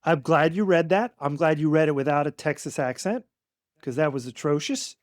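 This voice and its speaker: A man's voice: on the high side, normal speed, no room sound, clean studio sound. A middle-aged man co-hosting a sports podcast with his son, ranting bluntly and emphatically, with some swearing. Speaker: podcast co-host, father. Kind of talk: opinionated sports podcast rant.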